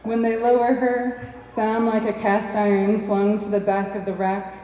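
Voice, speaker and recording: A woman reading a poem in the voice of a grieving rural farm woman with a plain, halting country cadence. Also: mid-range voice, flat delivery, lightly acted. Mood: mournful. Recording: echoey dull sound from a distant mic in a pub.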